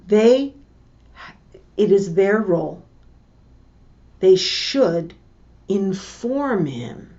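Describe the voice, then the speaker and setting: A middle-aged woman teaching a lesson, telling a family story slowly and deliberately and acting out the voices of the people in it. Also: fairly low pitch, darkish tone. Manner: slow, deliberate, acts out the voices in her story. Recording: dull lo-fi recording.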